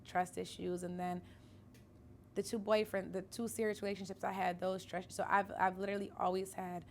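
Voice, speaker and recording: A woman's voice: mid-range voice, flat delivery, normal speed, gravelly. A woman speaking frankly and matter-of-factly about her own life. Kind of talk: candid personal storytelling. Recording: faint room noise behind.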